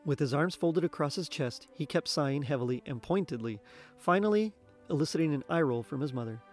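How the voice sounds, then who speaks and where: A man's voice: a little high, expressive, brisk, darkish tone, faint music behind. Man reading a story aloud. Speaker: reader. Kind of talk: storybook narration.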